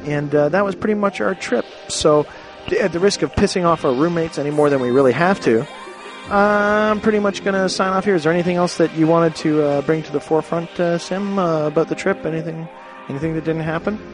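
Rambling man telling a trip story. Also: on the high side. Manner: rambling and animated, swearing freely. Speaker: podcast host. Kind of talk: casual storytelling monologue. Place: hostel room.

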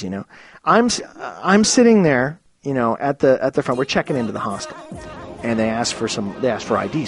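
A man rambles animatedly through a travel story as host of his own show, swearing freely as he goes. His voice sits at an ordinary middle pitch. Faint music plays quietly behind him. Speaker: podcast host. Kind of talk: casual storytelling monologue. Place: hostel room.

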